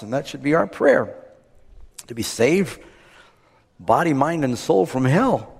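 A man preaching a sermon, retelling a Bible story and acting out the characters' lines with lively swings in pitch. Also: a little slow, creaky, long pauses, slightly rough. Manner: acts out the characters' lines with rising animated pitch. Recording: long hall reverb.

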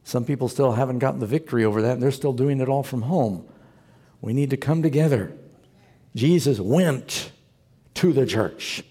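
Husky-voiced preacher in a reverberant hall. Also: male voice, medium pitch, fairly quick, warm tone. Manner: earnest storytelling preacher, exhorting the congregation. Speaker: pastor. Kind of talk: sermon. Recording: long reverb of a large hall.

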